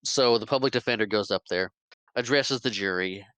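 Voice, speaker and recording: A man's voice: on the low side, normal speed, fairly bright tone, dry recording. A man co-hosting a podcast, recapping a film in casual chat, rambling with restarts and acting out quoted lines. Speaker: podcast co-host.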